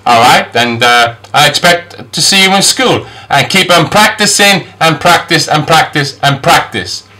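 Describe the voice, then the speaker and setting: A man teaching English phonics, patiently modeling each sound slowly and with exaggeration. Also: fairly high pitch, sharp tone. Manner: slow, exaggerated sound demonstrations; patient, reassuring. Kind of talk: phonics lesson.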